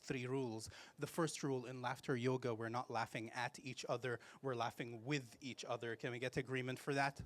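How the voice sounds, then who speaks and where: Playfully leading a laughter yoga session for a live audience in a festival event space, a man gives step-by-step directions between rounds of laughter and cheers. His voice is medium-pitched and a bit bright.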